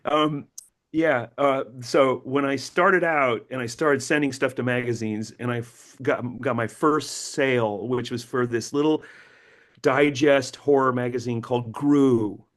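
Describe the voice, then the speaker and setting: A middle-aged man, a novelist being interviewed, telling stories animatedly, acting out quotes and often repeating words as he restarts. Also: unhurried. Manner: animated, acts out quotes with big pitch jumps. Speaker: novelist guest.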